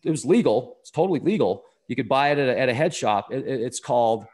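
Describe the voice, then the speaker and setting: A man of ordinary pitch speaks as an interview guest. He tells his story conversationally, earnest and enthusiastic, and wanders from point to point. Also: animated, fast, darkish tone, husky. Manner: earnest, enthusiastic, rambling delivery.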